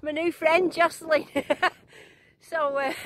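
Her voice sits high and a bit bright, with a steady tone and slow pace. She's an English metal detecting vlogger chatting excitedly to a handheld camera, bubbly, giggly and gushing, outdoors at a field rally and partly while driving in a car.

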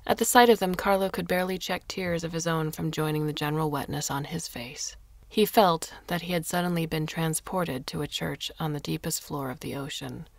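A woman narrating a short story in a measured storytelling manner into a close mic. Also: low voice, steady tone, creaky, no echo. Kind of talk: scripted narration.

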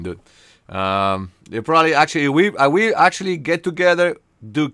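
Here a young Spaniard with a fairly high, fairly bright voice banters with viewers while streaming a game live. His Spanish accent comes through, and he often pauses on fillers. The recording is dry.

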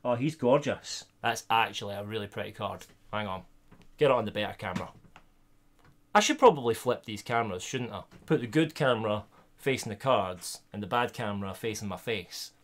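Excitable Scottish man opening cards. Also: lowish voice, fairly quick. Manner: chatty and excitable, bursts of loud delight. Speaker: streamer. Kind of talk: casual live-stream card opening, chatting to viewers.

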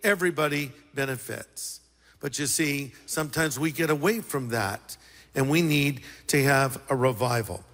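A man preaching a sermon as pastor, lively and joking with the congregation. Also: mid-range voice, moderate pace, big-room sound.

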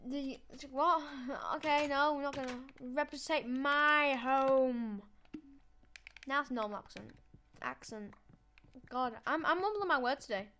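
A woman's voice: high-pitched, measured pace, fairly bright tone, slight background noise. A woman giving chatty let's-play commentary, talking to herself as she builds and playfully gloating at the game. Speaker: gameplay channel host.

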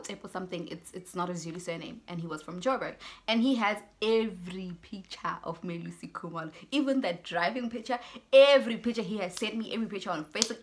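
A young South African woman telling a personal story on her vlog, animated, acting out both sides of conversations and mixing in Zulu words. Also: on the low side. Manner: mixes in Zulu words and phrases. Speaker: YouTuber.

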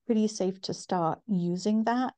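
A middle-aged woman from northeast England with a softened northern English accent, explaining things in a measured way with many ums as an interview guest. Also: mid-range voice, dry recording. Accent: northern English, softened by decades in the US. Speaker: guest, women's health company founder. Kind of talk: interview conversation.

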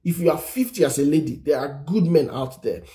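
Male preacher, slightly high and mellow voice, earnest encouraging teaching on a phone live stream. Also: animated, fairly quick. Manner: earnest, repetitive exhortation, reads scripture aloud. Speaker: Christian teacher on singles and marriage. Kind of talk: encouraging sermon-style teaching.

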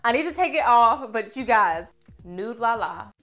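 A young woman reviewing makeup on camera in a chatty, expressive way, gushing over what she tries. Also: a little high, unhurried, soft background music. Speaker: beauty vlogger.

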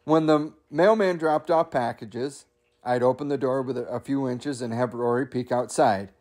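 A man's voice: medium pitch, fairly even intonation, normal speed, darkish tone. Chuckling man casually reading a funny memoir. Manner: chuckles often, chatty asides to listeners. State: coughing at times. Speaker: audiobook reader.

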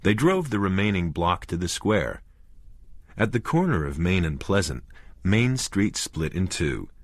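A man narrating an audiobook in a measured, expressive way. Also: sits low, no echo.

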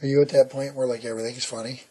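A man with a deep, mellow and very husky voice chats casually at home. He teases a friend bluntly and dryly. His rasp is thick throughout. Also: level tone, racing. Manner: dry, teasing, blunt. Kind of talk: casual teasing chat between friends. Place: a room in his own home.

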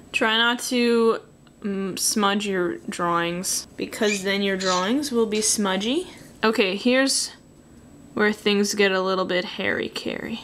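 A woman's voice: medium pitch, fairly bright tone, a little hiss or hum. A young Canadian woman with a Canadian accent talks her way through a drawing tutorial. She is dry and self-mocking, and she often trails off into muttered asides while she works. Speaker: artist drawing tutorial host. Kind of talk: casual drawing commentary.

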